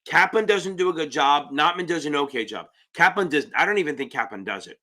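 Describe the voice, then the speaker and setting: A man tutors exam students on a live stream, answering their questions in a loose, rambling way. His voice sits a little high and rings very bright and sharp. He is blunt and swears freely as he goes. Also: lively intonation, brisk.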